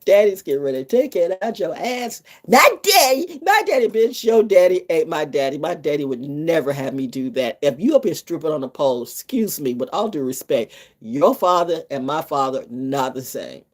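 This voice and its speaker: A woman's voice: deep voice, very animated, normal speed. A woman vlogger doing brash, profane freestyle livestream talk that rambles from topic to topic. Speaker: vlogger and storyteller.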